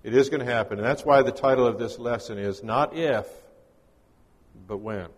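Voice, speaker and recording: A man's voice: mid-range voice, normal speed, breathy edge, in a large hall. A man delivering a conversational, folksy sermon as a guest preacher, mixing scripture readings with casual teaching. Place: church.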